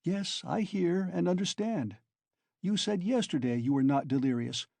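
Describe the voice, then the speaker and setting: A man's voice: high-pitched, lively intonation, normal speed, gravelly, darkish tone, dry recording, full character voice. A man voicing a sly, genial male investigator who talks in a fussy, insinuating way. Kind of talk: audiobook character reading.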